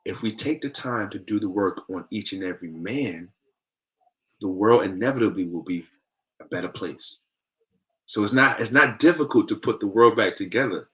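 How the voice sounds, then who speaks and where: A man guesting on a podcast, telling a story in an animated, lively way. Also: on the low side, normal speed. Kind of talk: conversational storytelling.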